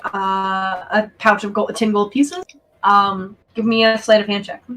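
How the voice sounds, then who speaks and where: A woman's voice: mid-range voice, level tone, a little slow, fairly bright tone, poor audio. Hesitant, giggly woman game master. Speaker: dungeon master. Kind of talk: narrating a tabletop game.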